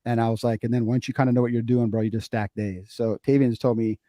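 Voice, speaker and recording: A middle-aged man talks through a casual podcast, his tone mellow and warm. He tells stories with energy and repeats key phrases for emphasis. The mic is close and the sound is dry. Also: mid-range voice, flat delivery, fast talker, dry recording. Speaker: podcast co-host, father.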